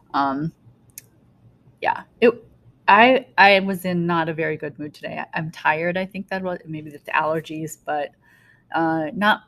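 Chatty woman teacher, lowish voice. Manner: chatty, self-correcting, explains with homey examples. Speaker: German teacher. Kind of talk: recorded classroom screencast lesson.

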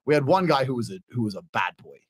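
A man telling a story as a podcast guest, swinging between low mutters and loud high bursts. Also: big pitch swings, fast talker, breathy edge, no room sound. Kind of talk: casual storytelling. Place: podcast studio. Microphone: studio mic.

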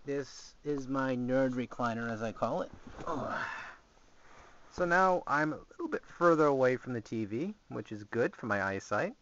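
A man's voice: medium pitch, expressive, normal speed, a bit bright, dull audio. A young man giving a rambling, jokey, sarcastic tour of his small gaming closet, recorded on a camera mic. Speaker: vlogger. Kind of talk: casual home video tour.

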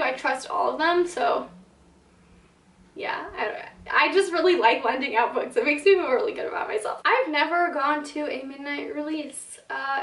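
Gushing high-voiced young woman in an echoey room. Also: a bit bright, recorded from a distance. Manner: chatty and gushing, heavy use of "like", quick dramatic asides. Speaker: book vlogger. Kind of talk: casual talking-to-camera vlog. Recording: echoey room, slightly off mic.

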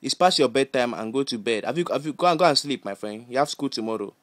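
A man playing a bossy, scolding Nigerian uncle who fires off rapid, repetitive insults in comic banter. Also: medium pitch, expressive, no room sound, lightly acted. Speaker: comedy character.

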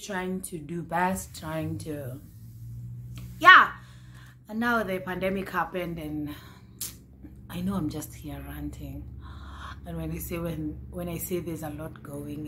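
A woman in her twenties chatting to camera as a vlogger, excitable and repeating her phrases. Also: low voice, slight background noise. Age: 20s. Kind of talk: casual chat to camera.

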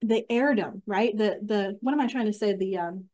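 A woman's voice: medium pitch, normal speed, a little mellow. A young woman teaching a women's Bible study, earnest and chatty, with many fillers and restarts.

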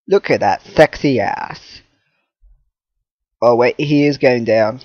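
A man's voice: mid-range voice, slow, creaky, no echo, dull audio. A man commentating his own horror game play, jumpy, swearing, laughing and talking to objects in the game. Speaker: gaming channel host.

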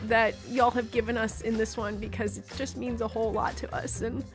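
A woman's voice: fairly high pitch, little pitch movement, a little fast, over music. A woman co-hosting a game playthrough, rambling and gushing in casual chat with the odd swear word. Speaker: co-host of a gaming channel. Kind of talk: casual let's play chat.

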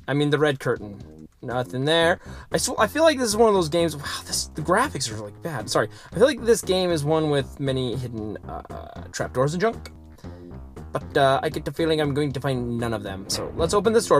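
A let's play host talks through a retro shooter in a casual, goofy way, with a voice that leaps up and down and sudden excited yelps. Silly sound effects and chatter aimed at the enemies fill the gaps, while quiet game music plays behind. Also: medium pitch, normal speed. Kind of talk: casual gameplay commentary.

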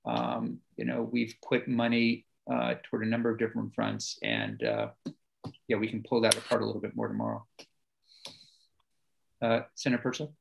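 Gravelly-voiced man chairing a meeting. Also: fairly low pitch, moderate pace, muffled recording. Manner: relaxed, hedging with fillers. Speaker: committee chair. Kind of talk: committee meeting discussion.

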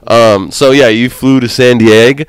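A man's voice: mid-range voice, steady tone, unhurried, background noise. A young man co-hosting a podcast, chatting casually in a profane, rambling way and laughing often. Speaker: podcast co-host. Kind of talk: casual crude banter.

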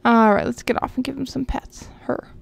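While playing a horse game, a gaming channel host chats casually to her viewers, rambling and talking to herself. Her voice is on the high side with vocal fry, at normal speed.

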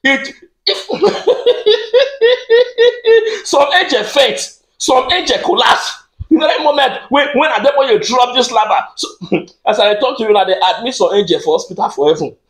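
A man with a Nigerian accent doing a rambling comic monologue, speaking excitably and stammering through repeated words. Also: very high-pitched, a little fast, roomy sound. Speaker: comedian.

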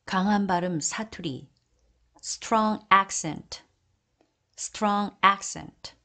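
This woman's voice is medium in pitch, pushed and bright. She reads out an English vocabulary list, giving the Korean term first and then slowly, deliberately saying the English phrase two times.

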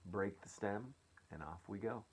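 Gentle motherly ladybird read by a man, low husky voice, calm storybook telling. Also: measured pace. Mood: reassuring. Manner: calm, reassuring storybook reading.

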